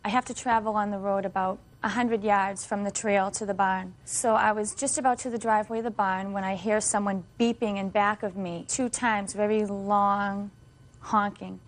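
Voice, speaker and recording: A woman's voice: mid-range voice, fairly even intonation, normal speed. A middle-aged woman defendant giving a long, detailed account in court. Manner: long, detailed storytelling with fillers. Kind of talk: courtroom testimony.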